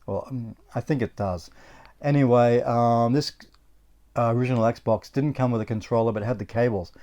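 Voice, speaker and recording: Australian man, casual and rambling host narrating a hobby project, mellow low-key tone. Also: fairly even intonation, moderate pace, muffled recording. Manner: rambling and chatty, with many fillers and restarts. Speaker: host of a retro console restoration channel. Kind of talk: casual narration of a restoration video.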